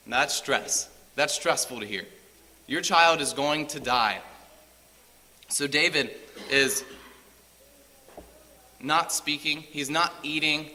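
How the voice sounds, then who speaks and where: A man's voice: on the high side, pushed and bright, long reverb tail. A man preaching a sermon in a church, retelling a scripture story with rising emphasis.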